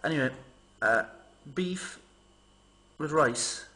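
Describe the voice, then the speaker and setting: A vlogger with a voice on the high side for a man takes his time, rambling casually to the camera. He tells chatty, animated stories, mimicking people in a raised voice.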